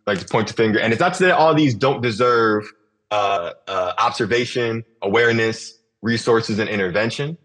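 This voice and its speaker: A man's voice: fairly low pitch, a little fast, a bit bright. A man hosting a podcast in casual conversation, speaking reflectively and often restarting and repeating phrases as he thinks. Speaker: podcast host.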